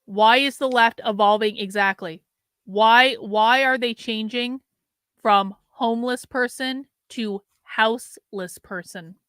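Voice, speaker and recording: A woman hosting a livestream, talking back to her chat with a sarcastic edge and many quick restarts. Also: a little high, fairly bright tone, clear, resonant tone, dry recording. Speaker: show host. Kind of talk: livestream commentary.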